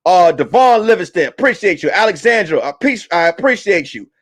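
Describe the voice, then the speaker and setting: Comedian guy ranting loud n profane on his stream, high voice swinging all over. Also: sing-song, a little fast. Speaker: comedian host. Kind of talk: comedic commentary.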